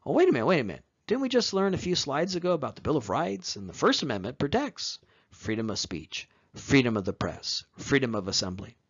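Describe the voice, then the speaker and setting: A man lecturing on history in a conversational tone, his voice sitting at a middle pitch. He throws in rhetorical asides and leans hard on key words. The recording sounds a little dull and lo-fi. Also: sing-song, a little fast, breathy edge.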